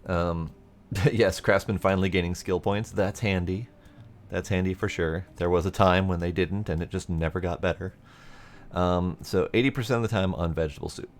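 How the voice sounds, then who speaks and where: A man's voice: low-pitched, fairly even intonation, moderate pace. A man giving casual let's play commentary, thinking aloud as he plays and swearing mildly now and then. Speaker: gameplay commentator.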